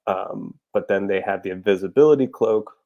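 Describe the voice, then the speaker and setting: A man's voice: fairly low pitch, moderate pace, gravelly, dark tone, lo-fi sound. A man chatting casually about his parody episode ideas, loose and rambling with lots of fillers, chuckling at his own jokes. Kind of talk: casual rambling talk to camera.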